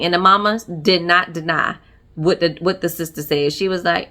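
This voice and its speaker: A woman's voice: on the low side, moderate pace, fairly bright tone. A woman giving a sassy, chatty recap of a reality show episode, laughing often. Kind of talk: casual recap commentary.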